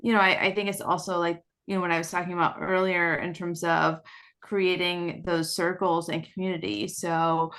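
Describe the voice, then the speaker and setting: Female panelist, brisk and organized, low pitch, bright tone. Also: little pitch movement. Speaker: parent panelist. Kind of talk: roundtable discussion.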